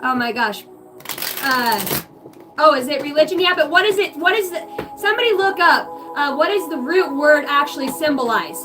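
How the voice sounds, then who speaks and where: A woman's voice: high voice, recorded from a distance. A woman giving a rambling, profane channeled reading to her viewers, free-associating and giggling at herself. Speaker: psychic reader on a livestream.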